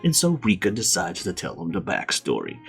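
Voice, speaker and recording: A man retelling a story in a loose, comic recap, cursing freely and laughing. His pitch swings a lot as he talks. A faint music bed plays behind him. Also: a little fast, gravelly, slightly rough. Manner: profane, laughing, animated. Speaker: series host. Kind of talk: casual comedic story recap.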